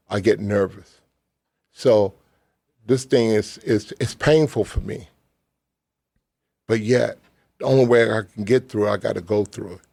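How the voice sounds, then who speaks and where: A middle-aged man, a former football player, tells an earnest story in plain words as a guest on a talk show, pausing often with "um.". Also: on the low side, creaky, darkish tone, dry recording. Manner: earnest, plain-spoken, pauses with "um". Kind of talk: storytelling in a casual chat.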